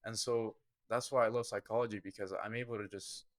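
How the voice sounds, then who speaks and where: A man's voice: fairly low pitch, steady tone, fairly quick, no echo. A young man, a guest on a podcast, earnestly telling a personal story in vivid detail. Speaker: podcast guest, football kicker. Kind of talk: personal storytelling in a casual interview.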